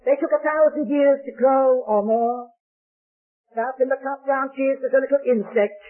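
A man preaching a sermon with dramatic storytelling and slow, emphatic stresses. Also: very high-pitched, fairly even intonation. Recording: tinny old lo-fi recording.

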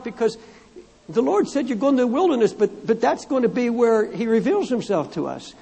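A man's voice: very high voice, sing-song, moderate pace, gravelly, mellow, breathy edge. A man preaching a sermon as pastor, speaking fervently, repeating phrases for emphasis, reading scripture and addressing the congregation directly. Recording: long hall reverb in a church.

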